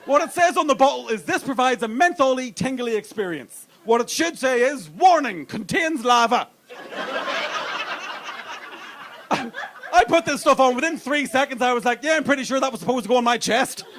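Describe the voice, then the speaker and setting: A brash male comedian working a comedy club crowd with crude, punchy storytelling. His voice sits notably high for a man. Clear audience noise hangs behind him in the live room. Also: expressive, normal speed. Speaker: stand-up comedian. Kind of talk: stand-up comedy set.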